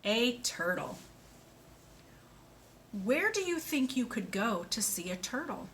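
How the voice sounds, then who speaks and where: A woman speech therapist giving a slow, clear lesson to a young child, praising answers and asking simple questions. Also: on the high side, sing-song, fairly bright tone, a little hiss or hum. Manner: slow, clear, sing-song and encouraging, with animal sounds.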